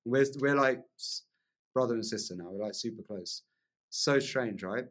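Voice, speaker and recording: A man guesting on a podcast, spinning a vivid personal story with excitable energy. His voice sits in an ordinary middle pitch, and he talks loosely, laughing along the way and peppering sentences with "like.". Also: moderate pace. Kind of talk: storytelling in casual conversation.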